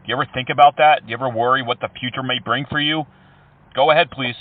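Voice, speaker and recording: A man's voice: mid-range voice, steady tone, fast, no room sound, far from the mic. A man prank-calling phone scammers, taunting them in a sarcastic, mocking way. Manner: taunting, sarcastic, laughs at the other caller. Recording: tinny phone line, heard from off mic.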